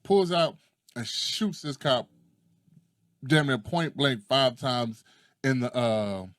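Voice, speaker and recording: Animated storytelling man, dry sound. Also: medium pitch, takes it slowly, dry recording. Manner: animated storyteller who acts out quotes and swears freely. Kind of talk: casual chat.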